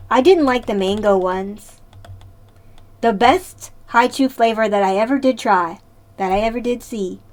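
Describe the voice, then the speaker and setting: A woman live-streaming in casual chat, playful and talkative, answering her chat and laughing often. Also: mid-range voice.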